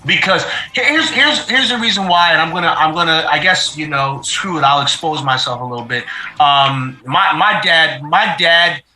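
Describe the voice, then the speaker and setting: A man's voice: a little high, normal speed, soft background music. A middle-aged man chatting casually on a show, telling stories with feeling and repeating his phrases. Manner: animated, repeats phrases, emotional storytelling. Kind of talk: casual chat. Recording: roomy echo.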